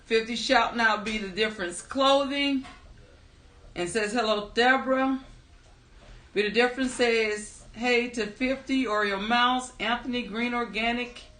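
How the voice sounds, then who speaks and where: A woman with a slightly high, fairly bright voice speaks unhurriedly in a roomy-sounding space. Hosting a live stream as a storyteller, she greets viewers by name in upbeat, casual chat before her story begins.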